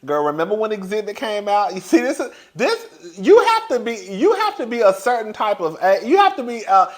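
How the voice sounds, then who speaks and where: A man with a slightly high voice runs through the latest celebrity gossip. He is sassy and chatty, and he breaks into laughter as he calls his listeners "girl". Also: wildly swooping pitch, brisk. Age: older than young adult. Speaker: gossip commentator. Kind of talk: casual celebrity gossip commentary.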